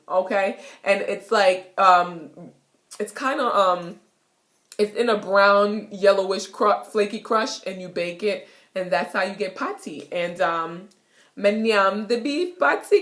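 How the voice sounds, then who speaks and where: A woman's voice: mid-range voice, fairly bright tone. Playful young Jamaican woman teaching. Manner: playful, giggly, repeats words slowly. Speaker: vlogger teaching patois. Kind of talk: casual video lesson. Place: home kitchen.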